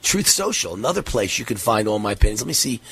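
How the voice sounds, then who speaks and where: A man's voice: on the low side, fast talker, gravelly, breathy edge. A man hosting a talk radio show, out of breath and tired, rambling with lots of fillers. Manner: rambling, energetic, many fillers.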